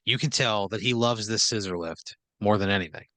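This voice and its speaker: A man's voice: fairly low pitch, a little fast, fairly bright tone, dry recording. A man hosting a comedy podcast and spinning an improvised story, rambling and filler-heavy, often checking in with "right?". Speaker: podcast host.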